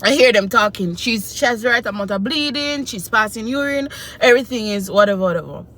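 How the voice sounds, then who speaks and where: Lively bright-voiced woman storyteller. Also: on the high side, fairly quick. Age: 20s. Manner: animated, emotional retelling with quoted voices. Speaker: vlogger. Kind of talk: casual storytelling.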